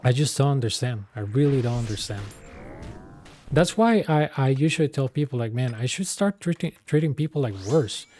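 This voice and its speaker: A man's voice: medium pitch, expressive, moderate pace, a little mellow, slight background noise. A man streaming and coaching a game, telling an exasperated, rambling story full of filler words. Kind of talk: casual storytelling while streaming.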